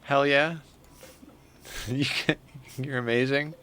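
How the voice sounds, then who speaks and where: A man's voice: medium pitch, fairly even intonation, slow pace, pushed and bright, smooth. A man chatting casually on a live game stream, rambling and easily flustered. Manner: rambling, flustered, self-deprecating. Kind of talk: casual live-stream chat while playing.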